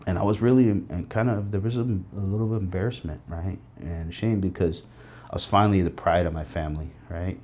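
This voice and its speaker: A man's voice: deep voice, fairly even intonation, a little fast, few pauses, a little mellow. A middle-aged man speaking as an interview guest, telling his life story in an earnest, reflective way. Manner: earnest, reflective, tells stories with quoted voices.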